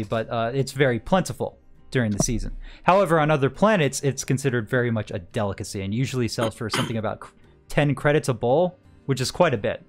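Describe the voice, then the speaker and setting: Rambling male game master. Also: mid-range voice. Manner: rambling, many fillers and restarts. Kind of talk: narrating a tabletop game.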